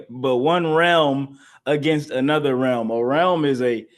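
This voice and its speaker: Man, scripture class teacher. Emphatic, preachy, and repetitive, with average pitch. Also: slow. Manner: emphatic, repetitive, laughs between points. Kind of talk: preaching-style scripture lesson.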